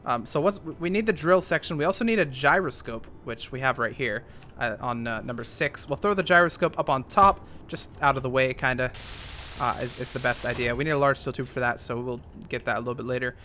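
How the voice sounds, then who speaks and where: A man's voice: mid-range voice, a little fast, pushed and bright, a little hiss or hum. A young man giving casual, rambling commentary while playing a game, thinking aloud with lots of fillers. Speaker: gaming YouTuber.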